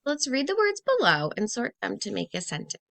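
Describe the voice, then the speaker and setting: A woman teacher talks young children through a phonics lesson, spacing each word slowly and clearly. Her pitch moves a lot, and her voice has a touch of gravelly fry. The recording is dry and close, with no room sound. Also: wildly swooping pitch, fairly bright tone, no echo. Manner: slow, clearly spaced, encouraging teacher voice.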